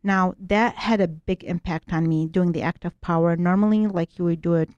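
Woman guest, earnest, restarts her sentences, low pitch, mellow voice, dry sound. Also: steady tone, normal speed, no room sound, highs cut off. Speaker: guest, writer and spiritual workshop teacher. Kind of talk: earnest explanatory interview talk.

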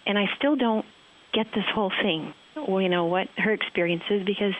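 A woman's voice: mid-range voice, fairly quick, narrow, tinny audio. A woman fly fishing guide telling a heartfelt story in conversation, rambling and emotional with many fillers.

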